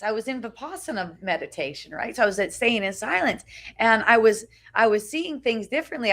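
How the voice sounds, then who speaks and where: A middle-aged woman with a slightly high voice, sharing spiritual teachings in a loose, chatty way. She keeps checking in with "right?", circles back on her phrases and lets the odd swear word slip. She is recorded outdoors on a phone for a live video. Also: fairly bright tone. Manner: conversational, frequent "right?" and restarts, casual swearing. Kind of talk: informal spiritual talk to a small group. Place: outdoors at a beach.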